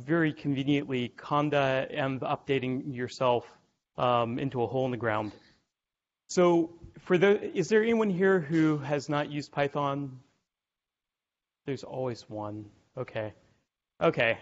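A man giving a technical conference lecture to a room of listeners, with wry, irreverent asides and frequent ums. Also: medium pitch. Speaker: conference presenter. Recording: dull lo-fi conference recording.

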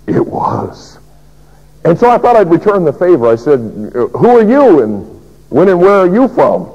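A man preaching a dramatic first-person sermon as a pastor, swinging between loud declaration and hushed whisper. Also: a little high, big pitch swings, normal speed. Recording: dull lo-fi sermon recording.

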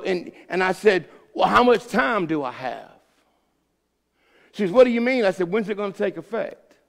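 A man pastor leads a Bible study, his slightly high voice carrying a gravelly texture. He rambles through a homespun story with frequent false starts. The sound carries a long church-hall reverb. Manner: folksy, rambling storyteller with many restarts. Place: church sanctuary.

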